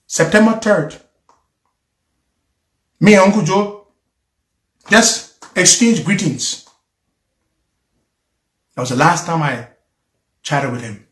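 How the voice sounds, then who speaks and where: A man pours out an emotional, repetitive plea straight to his followers. His voice sits high, and every word rings in a roomy, echoing space. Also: slow, long pauses, fairly bright tone. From Liberia. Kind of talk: impassioned monologue to followers.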